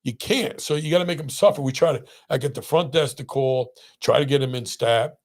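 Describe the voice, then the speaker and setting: A man's voice: mid-range voice, fairly quick. A middle-aged man, a pain doctor hosting a podcast, telling stories in casual chat and acting out the people he quotes. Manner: animated, acts out quoted voices.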